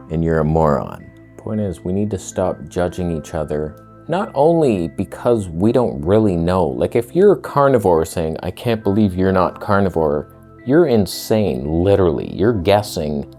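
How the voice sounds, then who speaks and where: A man's voice: low voice, very animated, measured pace, dark tone, soft background music. A young man ranting casually to camera in a sarcastic, crude way, slipping into mocking voices. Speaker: vlogger.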